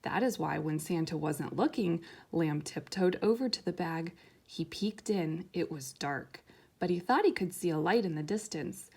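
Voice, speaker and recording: A woman reading a children's picture book aloud in a gentle, soft, unhurried way. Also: lowish voice, lively intonation, vocal fry, breathy edge. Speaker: storyteller.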